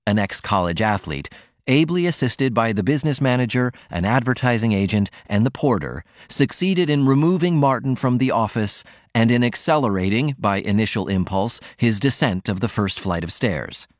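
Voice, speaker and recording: In a clean studio recording with a dry sound, a man with a medium-pitched voice narrates a novel as an audiobook, keeping his storytelling steady and measured.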